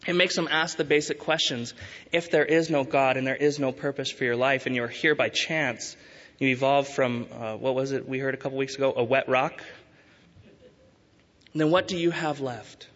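A man preaching a sermon as pastor, earnest and urging, slowing to stress key words. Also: medium pitch, steady tone, a bit bright. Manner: earnest, urging, with emphatic rises and slow stresses. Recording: dull sound with long hall reverb.

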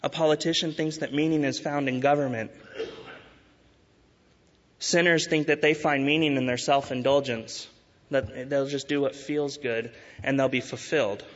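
A man preaching a sermon as pastor, earnest and urging, slowing to stress key words. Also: medium pitch, fairly even intonation, fairly bright tone. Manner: earnest, urging, with emphatic rises and slow stresses. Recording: dull sound with long hall reverb.

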